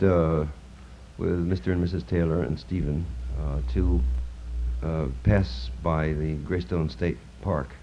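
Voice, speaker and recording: Poet in his 50s from New Jersey, deep and dark-toned, chanting verse and musing between poems, old film transfer with light hiss. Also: poor audio. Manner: chanting, rising incantatory delivery in poems, halting with fillers between. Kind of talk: poetry reading with spoken introductions. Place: college lecture hall. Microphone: film recording from the stage.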